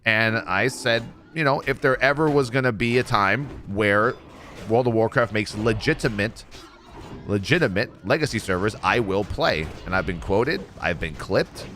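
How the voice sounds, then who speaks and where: Bright-voiced man telling gaming stories. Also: fairly low pitch. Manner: animated, jokey storytelling with mimicked quotes. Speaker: streamer. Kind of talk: casual gameplay commentary.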